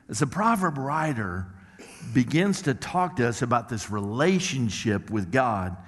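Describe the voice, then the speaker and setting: A male pastor preaching a sermon in a church, emphatic and slowing down to stress key words. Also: medium pitch. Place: church worship center. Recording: long hall reverb.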